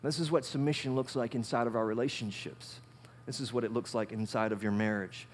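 A male pastor preaching a sermon in an animated way, often asking his listeners questions. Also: medium pitch, a little fast, a little hiss or hum. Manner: animated, asks the audience questions.

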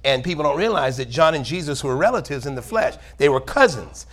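A man's voice: fairly high pitch, lively intonation, a little fast, fairly bright tone. A male pastor preaching a sermon in church, reading scripture aloud and asking for amens. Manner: preaching, calls for amen, reads scripture aloud.

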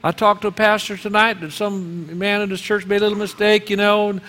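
A man's voice: sits high, a little fast. A male pastor preaching at a church service, calling on the congregation to answer back. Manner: lively call-and-response preaching. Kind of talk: sermon. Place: church sanctuary. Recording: long reverb of a church hall.

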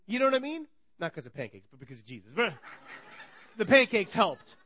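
A man's voice: high voice, very fast. A man in his thirties preaching a sermon, telling stories with energy, acting out conversations and laughing often. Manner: energetic storytelling, acts out dialogue, laughs often. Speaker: pastor.

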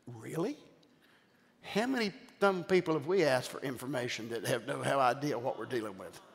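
An older man, a bishop, preaching a sermon with animated storytelling and call-outs to the congregation. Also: medium pitch, moderate pace, vocal fry. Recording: long hall reverb.

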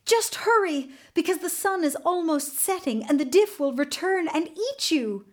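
A woman storyteller puts on a young enchanted maiden from a folktale, high and pleading. The voice leaps and swoops with feeling, and the words come unhurried. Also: sing-song.

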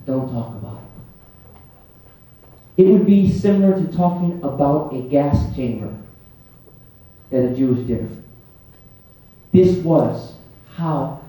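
A male preacher giving a sermon in a church, telling the story in a lively way and acting out scenes. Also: medium pitch. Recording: echoey hall, distant mic, faint music.

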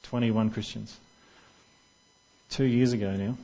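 A man's voice: on the low side, fairly even intonation, measured pace, vocal fry, warm tone, dull audio. Man preaching a conversational sermon. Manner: conversational, asks the congregation questions.

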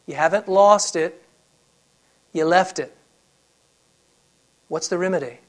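A man preaches a sermon in a slightly higher-than-usual voice. He swings between loud, emphatic lines and soft, near-whispered ones. Now and then he drops into casual, conversational asides with restarts. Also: takes it slowly. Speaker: pastor.

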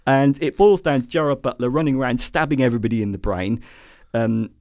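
A man's voice: mid-range voice, brisk, gravelly, a little mellow, no echo, clean studio sound. A man co-hosting a podcast, sarcastically tearing into a movie with lots of ums and restarts. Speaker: podcast co-host. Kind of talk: casual film review chat.

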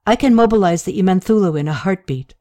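An uneasy young prince reports his worries, hesitant but earnest, read by a woman narrator who keeps her own voice. The sound is mellow and close-miked dry. It is audiobook character reading. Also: mid-range voice, lively intonation, fast talker, no room sound, close to an everyday voice. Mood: urgent.

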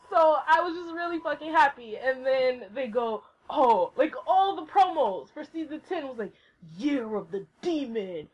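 A woman hosting a solo podcast, ranting casually with lots of swearing and bursts of squealing excitement, recorded at home on a laptop. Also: high voice, a little slow, dull audio. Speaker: podcast host. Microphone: laptop mic.

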